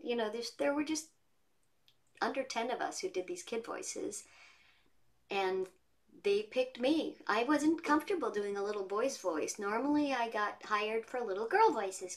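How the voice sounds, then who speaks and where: A woman voice actress chatting as an interview guest from her home studio, telling stories in a lively way. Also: fairly high pitch. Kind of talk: casual interview chat.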